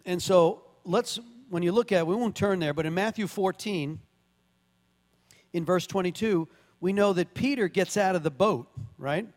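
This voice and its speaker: Male pastor, high voice, conversational sermon with sudden emphatic bursts, long hall reverb. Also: moderate pace. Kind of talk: sermon with scripture reading.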